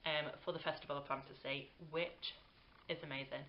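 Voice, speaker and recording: A woman's voice: sits low, steady tone, fairly quick, muffled recording, a little hiss or hum. A British woman in her twenties chatting casually to camera, rambling with lots of "um" and "like" and laughing easily. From Britain. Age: 20s. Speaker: vlogger.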